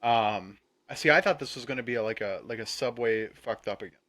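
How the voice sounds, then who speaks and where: A man, co-hosting a podcast, reacting with disbelief and thinking out loud. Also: mid-range voice, brisk. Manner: incredulous, reacting and musing aloud. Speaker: podcast co-host. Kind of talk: casual chat.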